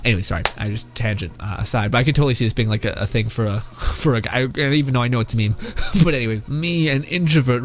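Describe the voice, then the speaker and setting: Laughing, rambling young man. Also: mid-range voice. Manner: laughs often, rambling and profane. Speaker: streamer reacting to memes. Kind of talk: casual reaction commentary.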